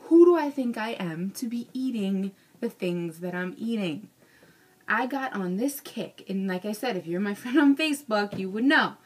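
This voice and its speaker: A woman's voice: mid-range voice, husky. Frank, self-mocking woman venting. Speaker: vlogger. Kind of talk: casual vlog rant.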